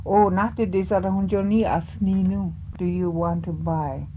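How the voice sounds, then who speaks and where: A woman teaching words of a language, saying each one slowly and more than once, then explaining what it means. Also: fairly low pitch, steady tone. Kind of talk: teaching vocabulary, slow repeated words. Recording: tinny phone-like lo-fi recording with hiss.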